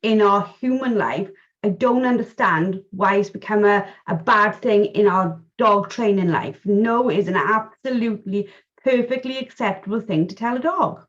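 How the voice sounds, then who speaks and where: A woman's voice: medium pitch, normal speed, highs cut off. A woman hosting a casual podcast chat about dog training, talking things through and acting out little quoted scenes. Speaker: podcast host.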